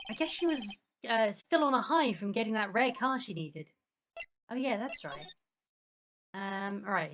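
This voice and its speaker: Chatty woman narrating a game playthrough. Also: fairly high pitch. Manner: chatty, musing to herself. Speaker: game streamer. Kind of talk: let's-play commentary, reading game dialogue aloud. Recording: noisy home recording.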